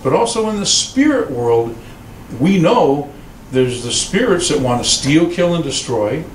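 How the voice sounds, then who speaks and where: A man preaching as a pastor, telling stories and acting out quoted voices with lively delivery. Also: a little slow, echoey room, far from the mic, slight background noise, rough recording. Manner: animated storytelling, voices quotes in a raised pitch. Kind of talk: sermon. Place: church sanctuary.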